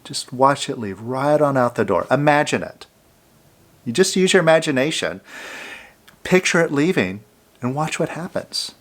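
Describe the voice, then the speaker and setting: A man giving a calm self-help talk, coaching the listener directly and sometimes dropping to a soft, hushed voice. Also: mid-range voice, moderate pace. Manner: drops to a soft near-whisper on "I love you, fear".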